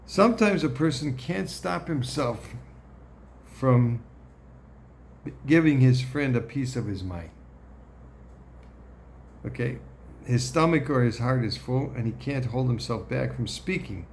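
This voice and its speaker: A man explaining a Torah passage at an unhurried pace, with a gravelly edge to his voice. He talks deliberately, clears his throat often and checks in with "okay?" A faint hum of room noise sits behind him. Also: medium pitch, expressive. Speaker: Torah teacher.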